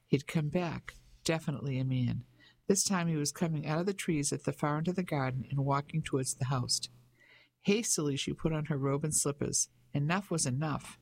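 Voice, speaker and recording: An audiobook narrator reading a novel chapter in a steady, measured way. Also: mid-range voice, vocal fry, no echo, poor audio. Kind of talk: scripted narration.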